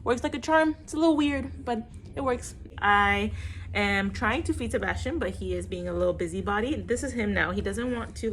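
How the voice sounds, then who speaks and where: A woman's voice: medium pitch, slight background noise. A woman chatting casually to the camera as a family vlogger, rambling and full of fillers. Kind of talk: casual vlog chat to camera.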